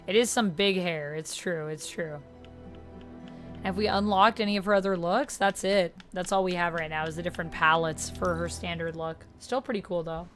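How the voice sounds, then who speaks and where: A woman's voice: on the low side, steady tone, moderate pace, a bit bright, soft background music. A woman live-streaming a video game, casually reading out menu options and chatting with her viewers. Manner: reads menu options aloud, chats with viewers.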